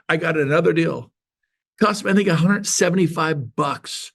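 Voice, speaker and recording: A motivational sales speaker addresses an audience in a punchy, playful, folksy way, telling stories and animatedly acting out the dialogue. His voice is fairly high with vocal fry, at a moderate pace.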